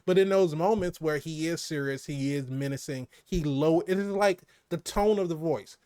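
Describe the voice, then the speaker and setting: Male podcast co-host, slightly high voice, dry close-mic sound, lively and laughing, drops low to make a point. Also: moderate pace, clean tone, no echo. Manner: animated, laughs often, drops low for emphasis. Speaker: movie review co-host. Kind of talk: casual movie review chat.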